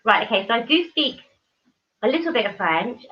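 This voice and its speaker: A fairly high-voiced woman chats casually with viewers on a live stream, answering their comments one after another. She talks effusively with many ums and restarts. The stream audio is dull and lo-fi. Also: big pitch swings, moderate pace. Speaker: livestream host.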